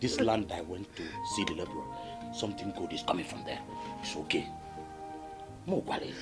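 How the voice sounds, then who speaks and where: A Nigerian man acting as a husband and brother, pleading with his family to calm down. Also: low-pitched, brisk, over loud music, close to an everyday voice. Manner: pleading, soothing, then exasperated. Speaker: husband and brother trying to make peace. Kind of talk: Nollywood film acting.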